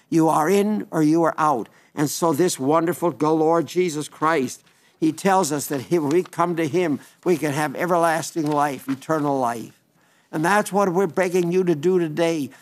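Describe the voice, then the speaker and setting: A man preaching an evangelistic sermon in an earnest, pleading way, often repeating phrases and restarting sentences. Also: fairly high pitch.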